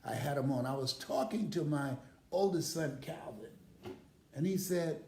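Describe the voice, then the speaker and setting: A man's voice: on the high side, moderate pace, darkish tone, echoey room, slight background noise. An older man, a motivational speaker, telling personal stories in a casual live stream and laughing heartily as he talks.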